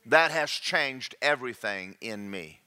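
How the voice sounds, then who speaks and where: Forceful animated preacher man. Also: medium pitch, unhurried, smooth. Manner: animated, jokey, checks in with the congregation. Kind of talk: sermon.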